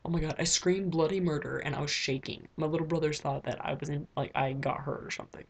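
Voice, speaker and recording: A teenage girl talks to her camera in a rambling video diary, filling her sentences with "like" and "um." Her voice sits a little low and carries a husky, fry-edged texture. She's recording close up in her own bedroom. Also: fairly even intonation, brisk. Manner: rambling, lots of "like" fillers. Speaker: vlogger.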